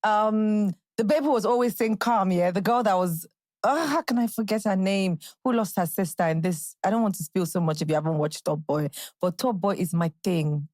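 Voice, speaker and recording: A woman's voice: mid-range voice, normal speed, a little mellow, no echo. Chatty Nigerian woman podcast host. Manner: chatty, bubbly, jumps into playful quotes and impressions. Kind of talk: casual solo podcast chat.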